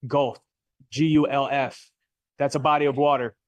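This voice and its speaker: A middle-aged man lectures a real estate class in a relaxed, chatty way, tossing questions to the room and cracking small jokes. His voice sits at an ordinary pitch, and the sound is dry and close. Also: normal speed, dry recording. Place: Florida classroom.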